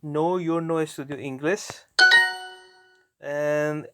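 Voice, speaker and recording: A man narrating his own language lessons, talking slowly and haltingly and often correcting himself. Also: a little high, steady tone, over loud music. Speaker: language learner. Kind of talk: narrating app lessons aloud.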